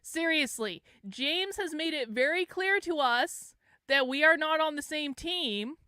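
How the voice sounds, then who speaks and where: A high-voiced, bright woman hosts her own show in a heated commentary monologue. She sounds exasperated and rants, swears and circles back on her points, in a dry close recording with a smooth, clear tone. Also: lively intonation, unhurried, no echo. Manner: exasperated, ranting, swears, repeats herself. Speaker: podcast host.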